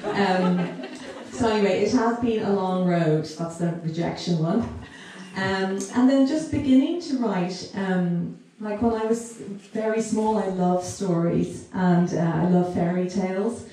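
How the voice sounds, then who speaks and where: A woman giving a warm, emotional launch speech to a crowd, laughing often and poking fun at herself. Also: medium pitch, measured pace, a little hiss or hum. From Ireland. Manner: laughing, self-deprecating, fond of asides. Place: large hall in a castle. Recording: very echoey hall, voice far from the mic, crowd in the background.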